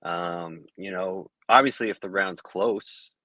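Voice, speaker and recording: Low-voiced man, halting with fillers. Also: pushed and bright, no room sound. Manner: halting, many fillers and restarts. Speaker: MMA judge, podcast guest. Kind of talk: casual interview answers.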